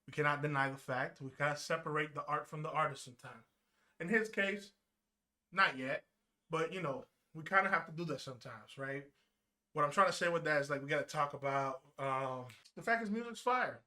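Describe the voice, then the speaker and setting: A male streamer talking with his chat and telling a story, loud and animated, cursing freely and often breaking into yells. His voice sits a little high and sounds strongly tense and cutting. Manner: loud, animated and profane, swinging into yelling.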